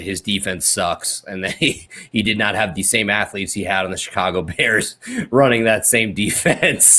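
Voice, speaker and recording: A man's voice: mid-range voice, fairly bright tone. A man hosting a podcast, chatting casually and telling a joking story about a college football game. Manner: laid-back, joking storyteller. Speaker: podcast host.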